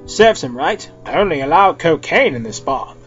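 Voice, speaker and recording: A podcast reader voicing a brash, greedy bartender woman in a comic fan-fiction reading, shrill and loud. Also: sing-song, moderate pace, muffled recording, soft background music, close to an everyday voice. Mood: bossy.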